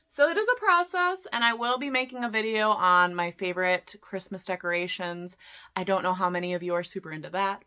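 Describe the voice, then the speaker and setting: A woman's voice: fairly low pitch, bright, forceful tone. A woman chatting casually in a vlog, chatty and self-deprecating, talking through her day. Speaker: vlogger.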